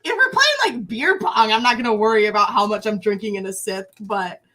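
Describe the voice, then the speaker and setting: A woman in her twenties, a guest in a casual chat, telling stories in an animated way with frequent laughs. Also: medium pitch, a little fast, slight background noise. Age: 20s.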